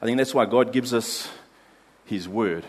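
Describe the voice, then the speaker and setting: A man preaching a sermon as pastor, earnest, dropping soft for prayers and building emphasis in lists. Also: mid-range voice, a little slow, long reverb tail.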